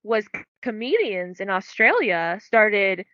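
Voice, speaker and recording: A woman's voice: mid-range voice, big pitch swings, a little slow, bright, forceful tone, no room sound, lo-fi sound. A young woman co-hosting a book podcast, chatting casually and filling her talk with "like". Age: young adult. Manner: chatty, many "like" fillers. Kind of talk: casual chat.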